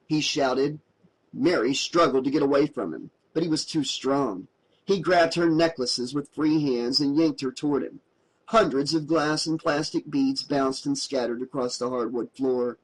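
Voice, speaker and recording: A man narrating a horror audiobook in a steady, dramatic storytelling voice. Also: medium pitch, a little slow, rough recording.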